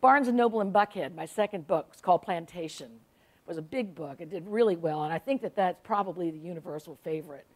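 A woman's voice: on the low side, expressive, quick pace. A woman, an author telling funny stories to a library audience in a chatty, self-mocking way. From South Carolina. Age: 60s. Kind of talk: humorous storytelling talk to an audience. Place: public library event.

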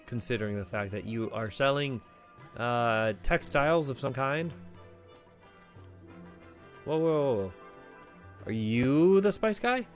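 A man's voice: mid-range voice, lively intonation, takes it slowly, long pauses, faint music behind. A man hosting a blind let's play, giving casual gameplay commentary with playful, joking asides.

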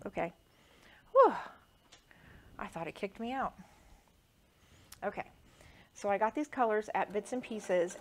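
A woman's voice: mid-range voice, a little hiss or hum. A woman quilter chatting casually through a sewing demonstration, rambling with lots of fillers.

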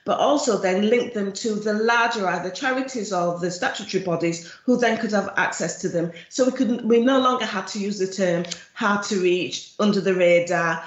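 A woman's voice: mid-range voice, a little fast. A woman with a Jamaican accent, a charity chief executive giving a frank, emphatic presentation at a virtual conference. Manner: frank, emphatic, speaks of her views directly. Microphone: video call computer mic. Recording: roomy, dull lo-fi video call audio.

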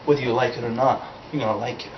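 A man's voice: medium pitch, steady tone, racing, background noise. Guy doing a goofy fake accent, rambling off the cuff, echoey lo-fi home vid. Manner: vague put-on foreign accent, rambling and improvised. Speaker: comic character host. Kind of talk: amateur comedy sketch. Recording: roomy, dull lo-fi home video.

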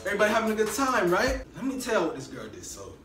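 A high-voiced young man tells a story in a slangy, animated way, acting out what everyone said. He sounds some way off the mic in an echoey room, with faint music underneath. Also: very fast, recorded from a distance. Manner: animated, slangy, emphatic retelling with quoted dialogue. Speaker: vlogger. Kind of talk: casual storytime.

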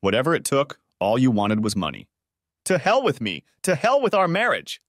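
A man's voice: fairly low pitch, animated, fairly quick, no echo, studio quality. A man voicing a betrayed husband who accuses his wife with bitter, hurt questions, in an audiobook. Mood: anguished. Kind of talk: audiobook character voice.

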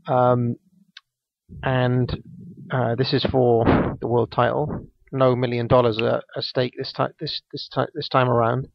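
A man's voice: mid-range voice, vocal fry, no room sound. A man, casually recapping a wrestling match on a podcast, rambling with lots of ums and restarts. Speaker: podcast co-host. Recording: dull, lo-fi dry podcast mic.

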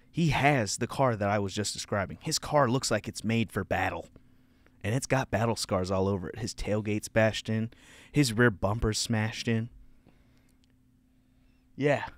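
A young male comedian and podcast host telling a story loudly, with profanity and laughter. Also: lowish voice, no room sound.

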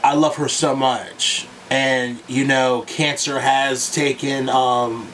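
A man's voice: medium pitch, level tone, slow, fairly bright tone, distant mic, slight background noise, poor audio. A young man talking straight to his viewers in a casual reaction vlog, tearful and crying at times, emotional and swearing freely. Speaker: YouTube music reactor.

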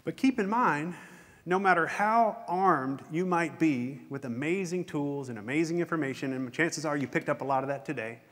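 A man's voice: on the high side, normal speed, a bit bright. A middle-aged man giving a conference keynote, telling a candid, self-deprecating personal story on a concert hall stage. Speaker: conference speaker. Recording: long hall reverb.

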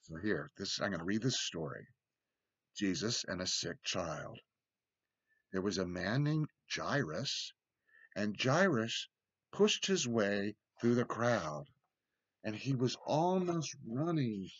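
Gentle man giving a children's sermon. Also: lowish voice, big pitch swings, slow, husky, dry recording, lo-fi sound. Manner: gentle, simple words for children. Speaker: church children's sermon leader. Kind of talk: children's sermon, storybook reading. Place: church, recorded remotely.

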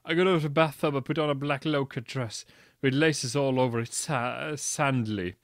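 A man's voice: mid-range voice, normal speed, no room sound, clean studio sound. A man reading a badly written story aloud for comedy, mocking it and stumbling over its misspellings. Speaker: reader.

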